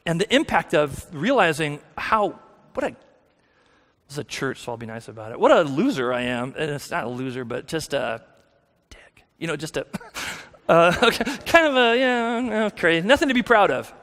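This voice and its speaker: A man's voice: on the high side, expressive, measured pace, fairly bright tone. A man giving a candid, self-deprecating personal testimony as a guest speaker in a church, with many restarts. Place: church sanctuary. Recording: long hall reverb.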